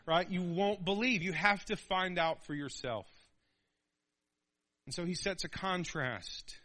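Man in his thirties, pastor, lively sermon, bright voice, slightly high. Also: measured pace, pauses often. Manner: animated, calls for amens, acts out voices.

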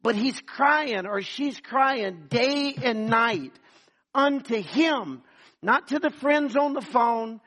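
A man with a high voice preaches to his congregation. He calls out to the people and acts out the voices of the people in his sermon. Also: expressive, takes it slowly, a bit bright. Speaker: pastor.

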